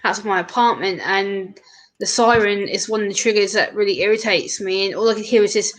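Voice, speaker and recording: A woman chatting casually in a group conversation, telling animated stories full of quoted asides. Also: medium pitch, brisk. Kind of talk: casual chat.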